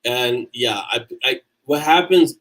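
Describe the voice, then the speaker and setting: A man's voice: mid-range voice, slow pace, a bit bright, rough recording. A man from New York, an author hosting a casual livestream. He chats loosely with viewers, reads out their comments and often restarts his sentences. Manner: chatty and loose, frequent restarts.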